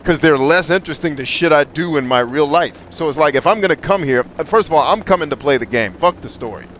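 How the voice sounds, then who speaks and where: A man's voice: a little high, animated, fast, a bit bright, slight background noise. A young man streaming a game and ranting bluntly about stories, with plenty of profanity and strong opinions. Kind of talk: live game stream commentary.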